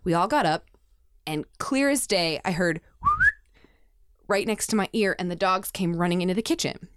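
A young woman from Texas telling ghost stories casually on a podcast, animated, swearing freely and acting out other people in a higher voice. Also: normal speed, heavy background noise. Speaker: podcast speaker. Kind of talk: casual storytelling.

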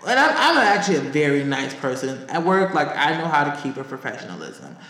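Male podcast co-host, lively slightly high voice, profane storyteller, echoey room. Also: brisk. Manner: animated, profane, high-pitched when quoting others. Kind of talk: casual storytelling.

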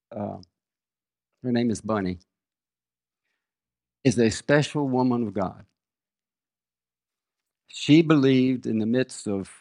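An older man preaching a sermon, reading scripture and telling personal stories in a slow, measured way. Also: mid-range voice, gravelly, no echo.

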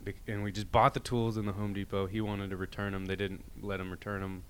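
A man's voice: fairly low pitch, little pitch movement, fast, a bit bright, a little hiss or hum. A man co-hosting a podcast, telling rambling stories in casual, profane chat with many restarts. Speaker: podcast co-host.

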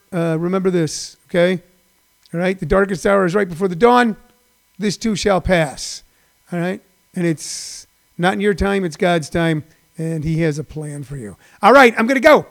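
This sixties-aged comedian runs a daily online show, and his unhurried voice sits high with a creaky fry. Folksy and encouraging, he wanders through his livestream talk, circling back to the same points and packing in fillers.

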